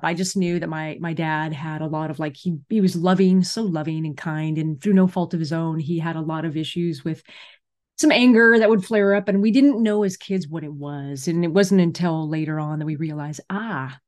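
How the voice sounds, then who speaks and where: A woman from California, a comedian guest, telling stories in an animated, chatty way during an interview. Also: fairly low pitch. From California, USA. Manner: animated, chatty storyteller who acts out quotes. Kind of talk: casual interview storytelling.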